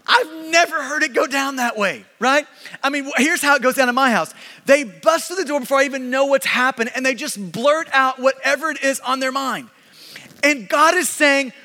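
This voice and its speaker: Male pastor in his 30s, bright forceful voice, goes from loud to hushed, big church reverb. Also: very high-pitched, normal speed. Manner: animated preaching, swinging from loud to hushed. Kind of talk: sermon. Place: church sanctuary. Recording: long reverb of a large hall.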